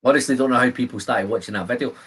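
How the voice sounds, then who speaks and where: A man's voice: mid-range voice, racing, a bit bright, husky. A man hosting a whisky live stream from a home studio, chatting in a rambling, self-deprecating way. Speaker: whisky channel host. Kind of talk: casual live-stream chat.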